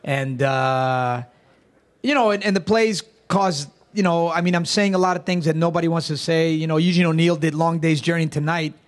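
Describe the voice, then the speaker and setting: A man's voice: fairly high pitch, normal speed. Rambling, self-mocking New man. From Queens, New York. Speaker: guest, comedic performer. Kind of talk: casual interview talk.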